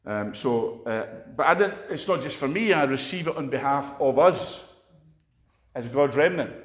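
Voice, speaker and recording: A man's voice: mid-range voice, animated, normal speed, echoey room. A man with a Scottish accent preaching a conversational sermon, telling stories in a chatty, anecdotal way.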